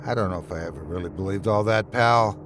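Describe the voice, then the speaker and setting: Male narrator voicing a remorseful chained man; low, subdued, weary. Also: sing-song, a little slow, noisy background.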